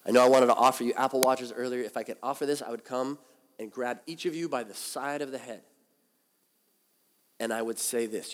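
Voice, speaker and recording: A man's voice: medium pitch, steady tone, fairly quick, slight background noise. A man preaching a sermon as pastor, talking conversationally and with animation. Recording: long hall reverb.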